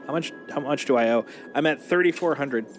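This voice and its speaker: A man's voice: mid-range voice, a little fast. A man streaming a video game, chatting playfully and thinking aloud as he sorts his gear. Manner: playful, thinks aloud, lively ups and downs. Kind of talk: casual gameplay chat. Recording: game music behind voice.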